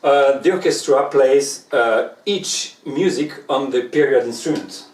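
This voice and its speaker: Man, English, halting, hollow room, distant mic. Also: mid-range voice, a little mellow, roomy sound. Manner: halting, searches for words. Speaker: orchestral musician and course tutor. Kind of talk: casual online talk.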